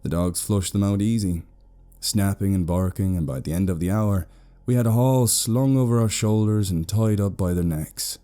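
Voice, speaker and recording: A British man narrating a horror story slowly, in a hushed tone. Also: fairly low pitch.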